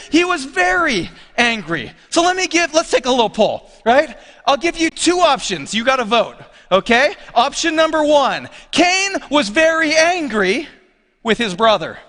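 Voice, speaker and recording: A man's voice: extremely high pitch, sharp tone, long reverb tail. A man preaching a sermon as pastor, talking conversationally and questioning his congregation. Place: church sanctuary.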